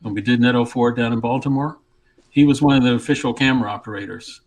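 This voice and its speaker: A man's voice: mid-range voice, steady tone, quick pace, darkish tone, rough recording. A man answering on a podcast panel, conversational and often restarting his sentences. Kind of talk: casual panel discussion.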